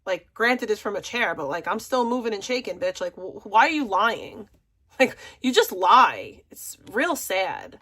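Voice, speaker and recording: A woman's voice: medium pitch, expressive, normal speed, fairly bright tone, breathy edge. A woman streamer mocking a caller in casual livestream chat, laughing and using sassy slang.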